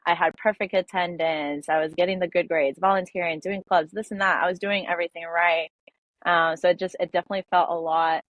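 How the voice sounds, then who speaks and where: A woman's voice: fairly low pitch, steady tone, fairly bright tone, dry recording. A young woman in her twenties, a podcast guest, telling a personal story with many fillers and restarts. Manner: halting, filler-heavy, emotional retelling. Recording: dull lo-fi dry audio.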